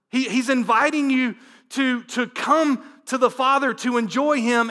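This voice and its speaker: A male pastor delivers a sermon in a high, bright, forceful voice. He drops low and quiet for prayer, then climbs into loud, emphatic calls to his congregation. He drives points home by repeating short phrases. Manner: swings from hushed prayer to loud emphatic preaching.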